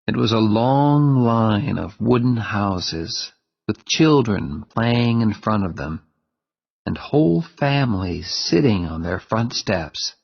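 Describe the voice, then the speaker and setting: A man reads a story aloud with a measured, plain delivery. His voice is low and gravelly, and a little husky. The recording sounds muffled and lo-fi. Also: expressive, in a large hall. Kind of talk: story reading.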